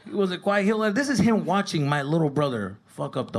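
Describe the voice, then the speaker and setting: A man from Tucson, Arizona, doing stand-up comedy, telling crude stories in an animated way. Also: on the high side, a little fast, hardly any pauses. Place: comedy club stage. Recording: live club recording with crowd noise. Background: audience laughter.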